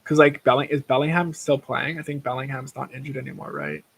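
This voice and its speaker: A man's voice: medium pitch, little pitch movement, brisk, gravelly, a bit bright, breathy edge. A young man talks casually on his own livestream. He rambles and wanders off on tangents, swears easily, and keeps an everyday mid-range voice throughout. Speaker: livestream host.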